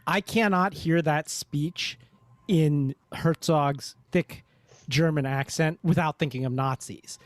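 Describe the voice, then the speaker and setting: A man's voice: on the high side, steady tone, slow pace, no echo. A man co-hosting a casual review podcast, talking in a wry, joking manner. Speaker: podcast co-host.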